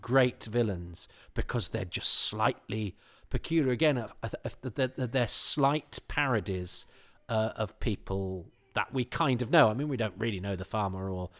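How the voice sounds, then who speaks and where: Man, low voice, rambling enthusiastic podcast guest, casual chat. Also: animated, moderate pace, a bit bright.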